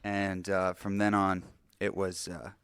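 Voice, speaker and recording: A man joining a casual chat, telling his part in a measured, dry way with "uh" pauses. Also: low-pitched, flat delivery, fairly bright tone, clean tone, no echo.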